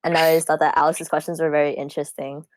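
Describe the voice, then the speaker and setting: A woman's voice: low-pitched, little pitch movement, rapid-fire, noisy background. A young woman chatting casually on a podcast, talking in loose, filler-heavy sentences. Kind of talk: casual group chat.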